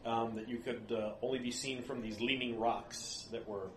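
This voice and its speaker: Halting man recapping a tabletop game. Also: mid-range voice, steady tone, roomy sound. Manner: rambling, halting, with many fillers. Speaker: player.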